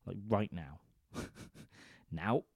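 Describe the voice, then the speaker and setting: A man's voice: deep voice, extremely slow, gravelly, darkish tone, no room sound, studio quality. A man telling a crude, rambling comic story into a microphone, often checking in with his listeners. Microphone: studio microphone.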